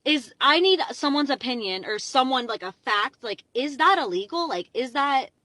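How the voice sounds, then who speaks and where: A young woman telling a storytime vlog into her phone from her parked car, rambling and excitable, packing her talk with "like". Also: high-pitched, moderate pace, no echo, poor audio. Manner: chatty, rambling, heavy "like" fillers, excitable. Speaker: vlogger.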